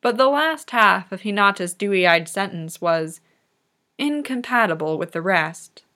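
A woman reading fan fiction aloud in soft, unhurried narration. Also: mid-range voice, expressive. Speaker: reader.

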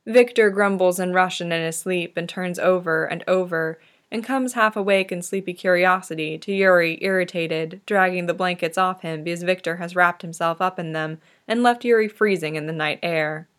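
A woman narrating a fan-fiction story in a gentle, tender manner. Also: fairly low pitch, moderate pace, few pauses.

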